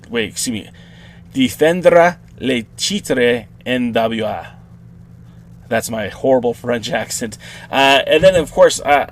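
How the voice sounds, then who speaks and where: A man's voice: medium pitch, slight background noise. Casual, rambling male podcast host. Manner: casual, rambling, many "uh" fillers and restarts. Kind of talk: solo wrestling podcast commentary.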